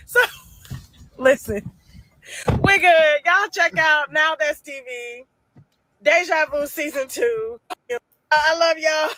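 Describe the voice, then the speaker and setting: A woman telling a story in a loud, profane, laughing way, acting out what others said. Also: sits high, takes it slowly, long pauses, no room sound. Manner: loud, profane, laughing often, acts out quotes. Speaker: reunion show host recounting a fight. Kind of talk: casual storytelling.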